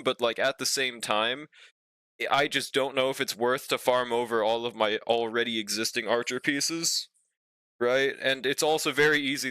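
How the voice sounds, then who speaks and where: Bright, crisp young male streamer. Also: medium pitch, no room sound. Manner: laid-back, joking, talks to chat, swears casually. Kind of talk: casual live-stream chat.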